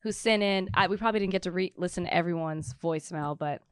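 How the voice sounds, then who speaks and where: A woman's voice: on the low side, fast talker, clear, resonant tone, no room sound, clean studio sound. A woman co-hosting a podcast, talking in an emotional, gushing way. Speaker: podcast co-host. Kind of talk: casual chat.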